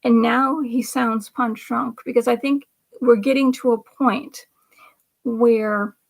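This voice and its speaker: High gravelly woman livestream host. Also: steady tone, takes it slowly. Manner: rambling, emphatic, drops to whispers for effect. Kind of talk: political commentary monologue.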